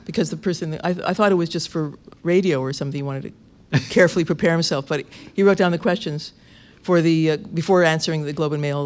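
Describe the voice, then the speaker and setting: Guy, radio interviewer, chatty storyteller, kinda high voice, laughs a lot as he goes. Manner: lively storyteller, laughs often, restarts phrases. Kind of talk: conversational anecdote.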